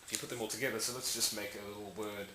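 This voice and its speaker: A man's voice: fairly low pitch, fairly even intonation, very fast. A man casually explaining speech sounds in a lesson, rambling and correcting himself while he demonstrates each sound aloud. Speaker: language tutorial maker. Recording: echoey room with faint hiss.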